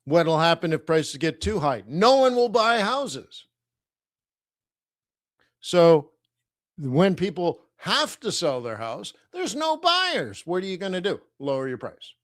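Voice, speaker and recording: A man's voice: on the high side, dry recording, studio quality. A man hosting a live trading stream, talking casually in a rambling, conversational way and chuckling often. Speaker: forex trading livestream host. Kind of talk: casual livestream commentary.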